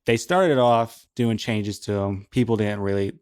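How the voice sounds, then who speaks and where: A man co-hosting a podcast, steering the casual chat back on topic in an unhurried way. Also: lowish voice, darkish tone, clean tone, no echo, clean studio sound. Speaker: podcast co-host.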